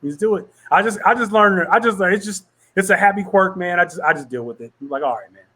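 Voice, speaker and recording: High, bright-voiced man telling stories. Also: quick pace, a little hiss or hum. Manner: animated storytelling, acts out quotes. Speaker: podcast co-host. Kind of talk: casual chat.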